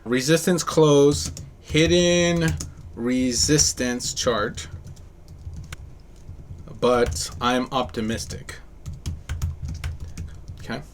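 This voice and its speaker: A man's voice: mid-range voice, steady tone, drawn-out words, long pauses, slight background noise. A man hosting a live show, casually talking through crypto price charts with an upbeat, chatty manner. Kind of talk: live chart analysis chat.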